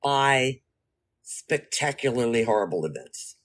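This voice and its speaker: A woman's voice: extremely low pitch, lively intonation, measured pace. A woman vlogging to camera in a blunt, profane way, acting out her own reactions as she talks. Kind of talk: casual talk to camera.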